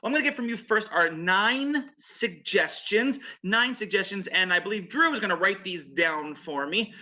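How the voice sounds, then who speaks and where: A man's voice: sits high, animated, moderate pace, pushed and bright. A man refereeing and hosting an improv match over a video call, upbeat and chatty. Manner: upbeat, chatty, laughs often. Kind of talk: game announcing.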